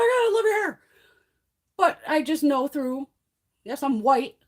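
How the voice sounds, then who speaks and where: Beauty vlogger woman on a livestream, husky and high, with a profane, heated ranting delivery. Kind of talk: casual livestream chat.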